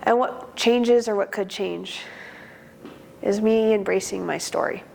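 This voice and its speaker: A woman, an attorney, calmly setting up a monologue exercise in a measured way. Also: medium pitch, gravelly, slight background noise. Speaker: attorney in a workshop.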